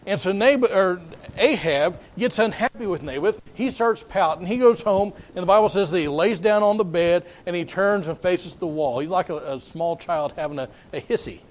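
High-voiced man preaching a folksy sermon. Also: moderate pace. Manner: folksy, conversational, storytelling with frequent restarts.

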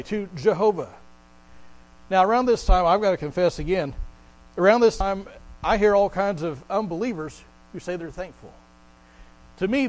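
A man with a high voice preaches a sermon in a plain, conversational manner, often repeating words as he builds his points. He slows right down to lean on each scripture quote. A faint electrical hum runs under the recording. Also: rough recording. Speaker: pastor.

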